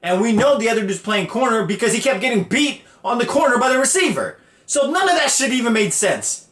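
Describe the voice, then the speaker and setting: A man hosting a podcast, retelling stories in a profane, animated, slangy rant. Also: extremely high pitch, a little fast, echoey room. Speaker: podcast host. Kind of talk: casual storytelling rant.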